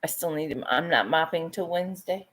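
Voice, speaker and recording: A woman's voice: sits low, brisk, fairly bright tone. A middle-aged woman chatting casually while she paints, swearing freely and laughing often. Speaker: painting vlogger.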